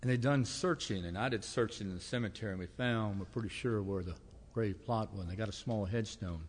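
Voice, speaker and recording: A man preaching in a church, telling homespun stories with gentle humor. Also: fairly low pitch, fairly quick, husky, long reverb tail. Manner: folksy storytelling with humor. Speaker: pastor. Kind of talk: sermon. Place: church sanctuary.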